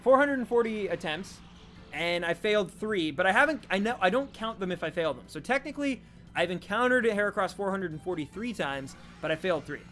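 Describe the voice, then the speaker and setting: A man's voice: high voice, expressive, brisk, fairly bright tone, faint music behind. A man from Canada streaming a game, rambling and joking as he answers his chat in casual talk.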